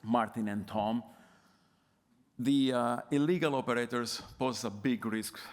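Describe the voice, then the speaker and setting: A man's voice: mid-range voice, measured pace. A man with an Italian accent and a nasal voice giving a hesitant conference presentation full of fillers. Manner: hesitant, many fillers and restarts. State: nasal from a cold. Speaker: conference panelist. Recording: reverberant conference hall.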